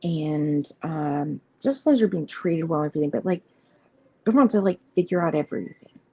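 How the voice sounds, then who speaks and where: A woman with a low, dark, slightly rough voice talks briskly with lively intonation as she hosts a live tarot reading. She chats casually, rambling through the cards with lots of fillers, and reassures the viewers she speaks to directly. Faint noise runs beneath the slightly muffled stream audio.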